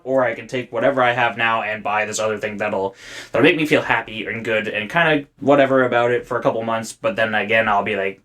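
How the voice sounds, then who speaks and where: A young man from South Africa, now speaking with a Canadian accent, co-hosting a podcast in a rambling, animated way with plenty of swearing. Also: brisk. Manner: rambling, animated, swearing, jumps high when worked up. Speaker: podcast co-host. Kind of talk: casual podcast chat.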